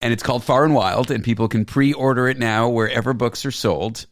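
A man hosting a radio talk show, interviewing a guest with quick joking asides. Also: mid-range voice, steady tone, no room sound.

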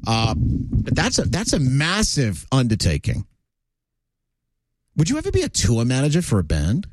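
A man's voice: mid-range voice, moderate pace, dry recording. A man hosting a radio show, chatting casually and telling stories with plenty of fillers. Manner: chatty, animated storytelling with frequent fillers. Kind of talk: casual on-air chat.

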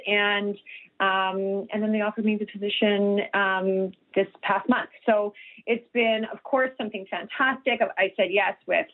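A woman speaks as a guest nutritionist over a tinny phone line. She is earnest and often restarts her sentences in a live radio chat. Her voice sits at a middling pitch. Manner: earnest, many restarts and fillers. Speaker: guest nutritionist and health coach.

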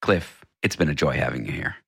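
A man in his forties hosts a radio chat segment with a low-pitched voice that still rings bright. He banters casually and pokes fun at himself. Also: fairly quick, vocal fry, husky. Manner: joking, self-deprecating banter. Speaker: radio host.

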